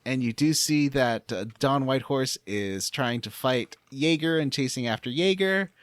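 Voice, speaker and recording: A man's voice: medium pitch, normal speed, clean tone, no echo. A man co-hosting a casual gaming podcast, loosely retelling the plot and chuckling often. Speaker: podcast co-host. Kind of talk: casual chat recapping a video game.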